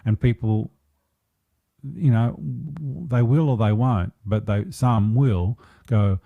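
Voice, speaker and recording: A man's voice: mid-range voice, takes it slowly, creaky, no echo, phone-quality sound. A man speaking as an empowerment coach in a podcast interview, earnest and reflective, taking his time over his thoughts.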